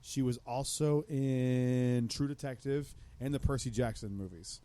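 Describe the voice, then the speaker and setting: Mellow male co-host, mid pitch, rambling and hesitant. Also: steady tone, measured pace, slight background noise. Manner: rambling, hesitant, restarts phrases. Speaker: podcast co-host. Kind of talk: casual chat.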